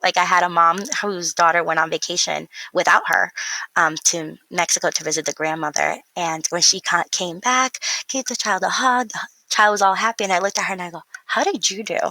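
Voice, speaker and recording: Young woman, educator guest, gravelly voice, bright tone, dry close sound, animated storytelling. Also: fairly low pitch, brisk, no room sound, low-quality recording. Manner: animated storyteller, acts out quotes. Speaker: early childhood educator, guest. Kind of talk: casual interview conversation.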